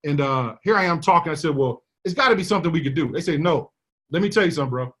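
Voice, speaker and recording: A man telling a team a lively business story, acting out the voices of the people he quotes. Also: fairly high pitch, fast, breathy edge. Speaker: network marketing leader.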